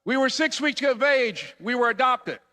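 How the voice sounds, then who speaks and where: A man delivers a motivational speech in a high, bright voice, hammering each phrase with a preacher's repetition. The sound carries a long reverb from a big hall. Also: animated, normal speed. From United States. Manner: emphatic, repetitive preacher-like cadence. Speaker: motivational speaker.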